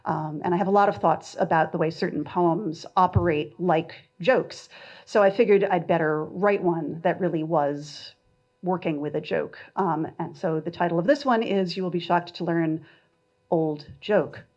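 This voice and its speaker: A woman reading her poetry at a literary festival, measured in the poems and chatty and self-deprecating between them. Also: lowish voice, a little mellow, lo-fi sound. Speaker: poet reading her work.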